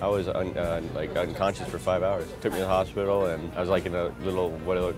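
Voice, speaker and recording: A man's voice: sits low, little pitch movement, fast talker, over music. A skateboarder around fifty telling old stories in a rambling way, often laughing as he goes. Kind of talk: casual storytelling interview.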